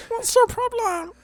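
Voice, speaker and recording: A man putting on a squeaky giggling laughing man. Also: full character voice. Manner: high squeaky voice broken by giggles.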